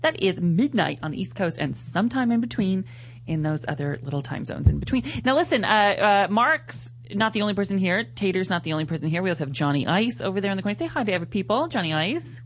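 A man hosting a live radio show in a studio, chatting in a casual, animated way and laughing often. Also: sits high, fast.

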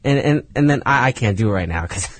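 A man's voice: mid-range voice, lively intonation, quick pace, dry recording. A man guest, an actor, chatting in a laid-back, talkative way and laughing often. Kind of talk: casual chat.

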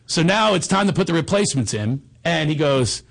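Animated gravelly-voiced male host. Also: on the high side, fairly quick. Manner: animated, jokey storyteller who acts out the voices. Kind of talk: comic storytelling.

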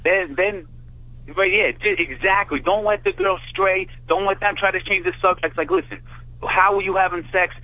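A man's voice: high-pitched, fairly even intonation, moderate pace, no echo. Man calling in over a tinny phone. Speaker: caller. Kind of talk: casual call-in talk.

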